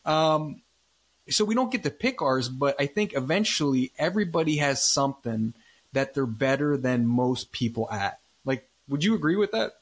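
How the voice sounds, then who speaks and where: A man's voice: fairly high pitch, lively intonation, moderate pace. A man hosting a podcast in a casual interview chat, talkative and often tagging lines with "right?". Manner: chatty, says "right?" often. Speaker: podcast host. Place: based in Los Angeles.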